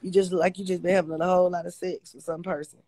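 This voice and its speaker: A woman's voice: lowish voice, flat delivery, fast talker, warm tone, no echo. A woman hosting a casual livestream on her phone, blunt, profane and confrontational as she talks to viewers. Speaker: livestream host.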